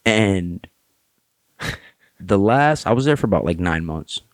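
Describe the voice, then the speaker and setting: A man's voice: low voice, lively intonation, slow pace, no room sound, studio quality. A man guesting on a podcast, telling stories in a brash, profane, casual way. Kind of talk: casual chat. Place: podcast studio.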